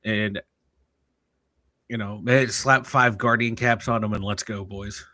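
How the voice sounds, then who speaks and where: A man co-hosting a live sports podcast with a Pittsburgh accent, excitable and quick to laugh, his loud bursts overloading the mic. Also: fairly low pitch. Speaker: podcast co-host. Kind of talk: casual live-stream chat.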